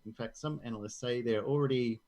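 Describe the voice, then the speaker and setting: A man's voice: mid-range voice, fast talker, a little mellow, rough recording. An Australian man co-hosting a tech news podcast, reading news articles aloud and joking about them in casual chat. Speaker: podcast co-host.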